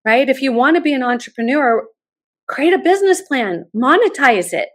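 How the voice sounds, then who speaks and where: A woman's voice: high voice, normal speed. Upbeat middle-aged woman telling stories. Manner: animated, enthusiastic storyteller. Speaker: college admissions consultant, guest. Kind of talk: podcast interview, personal storytelling.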